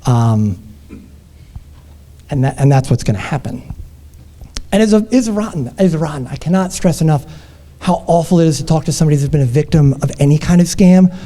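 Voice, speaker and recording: A man giving a conference talk, telling a story in an animated way and acting out the people in it. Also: a little high, brisk, pauses often. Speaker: conference presenter. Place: conference room.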